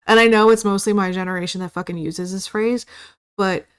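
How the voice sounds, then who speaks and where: A woman's voice: medium pitch, steady tone, a little fast, smooth. Ranting millennial woman podcaster. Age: 30s. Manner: rambling, swears a lot, mock-ranting. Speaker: podcast host. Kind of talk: casual solo monologue.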